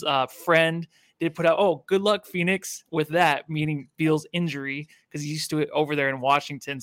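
A man co-hosting a casual sports podcast, relaxed and easygoing. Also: fairly high pitch, no room sound, studio quality. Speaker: podcast co-host.

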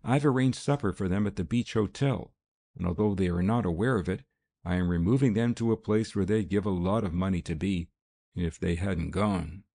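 A man reading the part of a cool-headed vigilante who speaks in a calm, dry, measured way in an audiobook. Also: low-pitched, gravelly.

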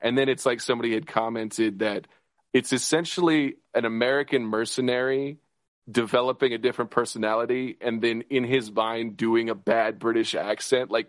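A man chatting as a podcast co-host, rushing from thought to thought and restarting his sentences as he gets excited. His voice sits at an ordinary middle pitch, and the recording is close and dry with no room sound. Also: dry recording. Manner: excited, rambling, fast with restarts and laughs. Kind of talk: casual chat.

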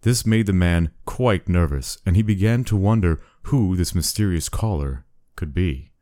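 Man, casual storyteller, deep voice, mellow tone, dry close sound. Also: normal speed, no echo. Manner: relaxed, chuckling, loose. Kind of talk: casual spoken story and chat.

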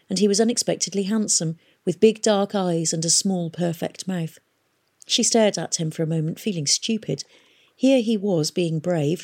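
A woman reading a novel aloud in a steady, measured storytelling manner. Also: fairly low pitch, creaky, breathy edge. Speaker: audiobook reader. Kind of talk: audiobook narration.

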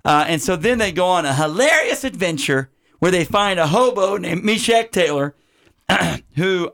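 A man hosting a podcast about bad movies, rambling and joking through film credits with plenty of "uh"s. His voice is smooth and clear and sits a little high. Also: expressive, moderate pace, a bit bright. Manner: rambling, joking, many fillers. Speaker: podcast host. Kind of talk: casual chat.

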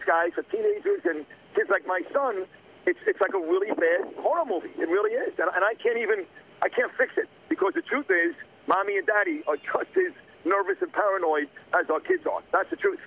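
A middle-aged man phones into talk radio from outdoors, and his high voice tears along at a rapid clip. He rants in a heated, rambling way, and the call sounds muffled and dull. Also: very animated, vocal fry, slight background noise. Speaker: radio guest calling in. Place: outdoors on a windy street.

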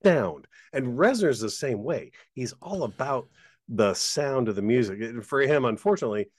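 A man co-hosting a podcast in casual chat, animated and jokey, swearing casually. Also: medium pitch, moderate pace, no room sound, studio quality. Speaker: podcast co-host.

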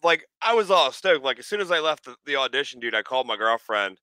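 A man with a bright, smooth voice, a little higher than usual, who tells stories animatedly and acts out every quote. He is recorded close up in a dry room. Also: big pitch swings, fast talker, no room sound. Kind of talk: casual chat.

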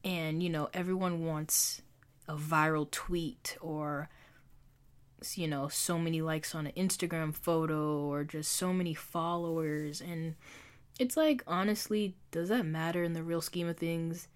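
A woman's voice: deep voice, fairly even intonation, unhurried. Chatty young woman vlogger, lots of "like". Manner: chatty, fills with "like", self-mocking. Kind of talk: casual confessional chat to camera.

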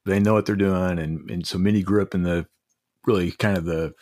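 A man in his forties, a guest telling earnest, halting stories about parenting, with frequent restarts. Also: low-pitched, fairly even intonation, a little mellow, dry recording, clean studio sound. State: emotional. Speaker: podcast guest. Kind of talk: reflective storytelling.

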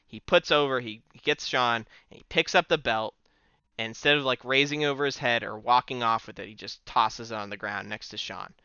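Man, casual podcast chat, rambling, crisp voice, dry sound. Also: medium pitch, fairly quick, pushed and bright, no echo, lo-fi sound. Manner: rambling, laughing, many fillers. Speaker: podcast co-host.

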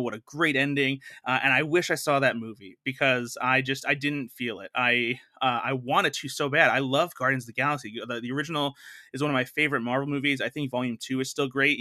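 Bright-voiced man rambling about films. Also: mid-range voice, no room sound, clean studio sound. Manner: rambling, many "uh" and restarts, earnest enthusiasm. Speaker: film editor, podcast co-host. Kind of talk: casual film review chat.

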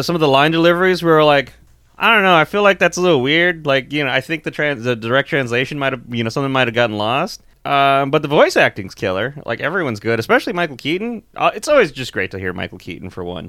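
A man co-hosting a movie podcast, rambling casually with restarts and quick laughs. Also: on the high side, very animated, pushed and bright, no room sound, clean studio sound. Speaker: podcast co-host. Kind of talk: casual movie review chat.

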